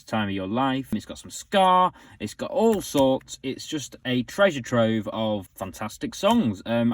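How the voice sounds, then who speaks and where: Young male vlogger, casual and excitable, ordinary middle pitch. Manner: enthusiastic, chatty, frequent fillers. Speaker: music collector vlogger. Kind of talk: casual show-and-tell vlog.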